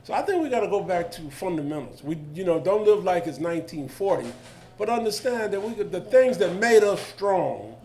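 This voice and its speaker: A high-pitched man in his seventies speaks fairly quickly on a panel, telling colloquial stories with energy and slipping into the voices of the people in them.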